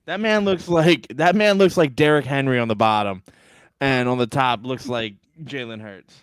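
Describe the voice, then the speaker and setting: A man's voice: medium pitch, normal speed, clear, resonant tone, no echo. A man co-hosting a sports podcast in casual, profane chat with a Philadelphia accent, often breaking into laughter. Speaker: podcast co-host.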